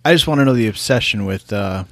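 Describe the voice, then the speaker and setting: A man's voice: on the low side, lively intonation, quick pace, fairly bright tone, dry recording. A man co-hosting a podcast who teases and sarcastically interrupts his co-host in casual chat. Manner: teasing, sarcastic banter.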